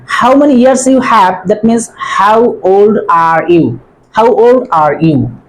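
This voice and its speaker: Woman teacher, slow and deliberate, repeats each phrase, mid-pitched voice. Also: lively intonation, rough recording. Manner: repeats phrases slowly, drawing out words. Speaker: language teacher. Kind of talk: slow spoken language lesson.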